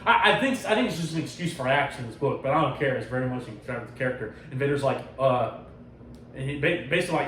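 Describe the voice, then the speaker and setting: A man hosts a loose comic book chat, talking quickly and cursing freely as he acts out the lines of each character. He sounds a little far from the mic in a roomy, echoing space with faint noise underneath. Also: mid-range voice. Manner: animated, profane retelling with acted-out quotes. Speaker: podcast host. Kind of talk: casual comic book discussion.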